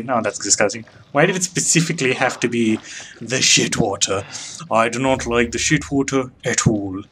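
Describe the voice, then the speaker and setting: A man's voice: mid-range voice, a bit bright, slight background noise. A young man commenting on a horror game as he plays, joking and mocking himself, often grossed out. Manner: joking, self-mocking, easily disgusted. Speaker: let's play commentator. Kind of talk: gameplay commentary.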